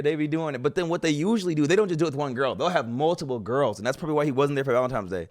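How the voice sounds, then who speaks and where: A man giving casual, animated reaction commentary as a streamer, slangy and swearing freely. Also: fairly high pitch, rapid-fire, hardly any pauses.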